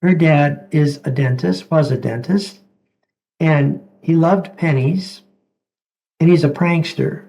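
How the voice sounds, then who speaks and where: Slow, gravelly, soft-voiced man. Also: a little high, rough recording. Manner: gentle, halting, repeats words. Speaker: doctor, interview guest. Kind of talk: reflective storytelling in conversation.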